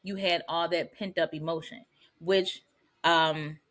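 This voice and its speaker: A woman co-hosting a podcast in casual chat, talking in a relaxed, slangy way with laughing asides. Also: on the low side, unhurried. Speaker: podcast co-host.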